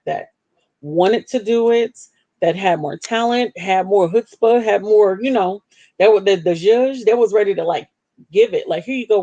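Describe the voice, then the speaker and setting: Woman, livestream host, earnest and self-deprecating personal talk, medium pitch, dry close recording. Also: warm tone, dry recording, highs cut off. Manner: earnest and self-deprecating, jumps up in pitch to act out her past self. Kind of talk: candid personal talk on a live broadcast.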